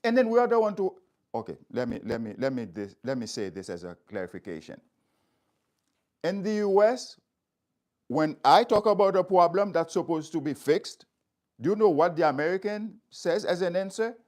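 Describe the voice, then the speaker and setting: A man's voice: fairly high pitch, very animated, normal speed, a little mellow. A man speaking straight to his viewers, stressing his points by repeating phrases. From Haiti. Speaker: community speaker. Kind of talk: impassioned address to viewers.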